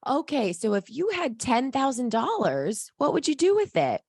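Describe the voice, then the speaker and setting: A woman's voice: sits high, big pitch swings, moderate pace, darkish tone, husky, dry recording, studio quality. A woman hosting a podcast in a casual, upbeat and playful manner. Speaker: podcast host. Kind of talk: casual chat.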